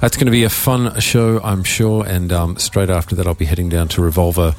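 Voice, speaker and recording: An Australian man hosting a radio show in a studio, chatting casually with a croaky voice and a rambling, offhand manner. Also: low voice, fairly even intonation, fairly quick, a little mellow. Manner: rambling, offhand, self-mocking. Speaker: radio DJ host.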